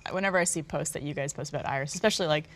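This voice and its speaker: A woman co-hosting a podcast, chiming in with teasing remarks. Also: low voice. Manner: teasing, quick interjections. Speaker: podcast co-host. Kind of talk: casual chat.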